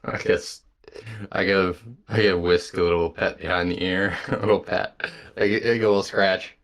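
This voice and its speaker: A man's voice: low-pitched, fairly even intonation, moderate pace, a bit bright. A man playing his character in a tabletop game, polite and hesitant, often repeating words. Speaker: player.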